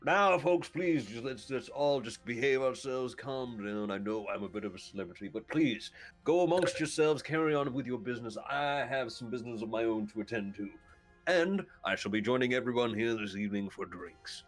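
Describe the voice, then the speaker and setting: A man's voice: medium pitch, expressive, normal speed, soft background music, close to an everyday voice. A man voicing a boastful, famous male adventurer who speaks in a showy, theatrical way during a tabletop game. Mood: grandiose. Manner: grandiose, self-satisfied delivery.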